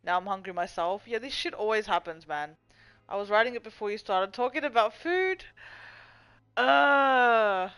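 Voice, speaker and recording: A woman's voice: mid-range voice, fairly bright tone, smooth, low-quality recording. A young woman rambling casually and swearing freely as she answers chat on her live stream from home. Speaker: livestream host.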